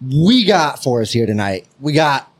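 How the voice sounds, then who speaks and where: An American man hosting a podcast, chatting loudly and swearing through casual banter. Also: mid-range voice, sing-song, moderate pace. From United States. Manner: loud, laughing, swearing banter. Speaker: podcast host.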